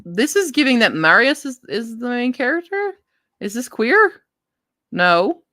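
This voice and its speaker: A woman's voice: fairly high pitch, big pitch swings, a little slow, pushed and bright, dry recording, clean studio sound. A woman hosting a live book stream, chatting casually and thinking aloud as she reads blurbs, often restarting her sentences. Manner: self-interrupting, frequent restarts.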